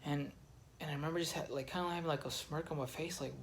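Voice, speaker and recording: A man's voice: a little high, fairly even intonation, a little fast, creaky, long pauses, a bit bright, a little hiss or hum. A man who served in the army telling his own story in a raw, emotional monologue, swearing often and restarting his sentences. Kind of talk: candid personal monologue.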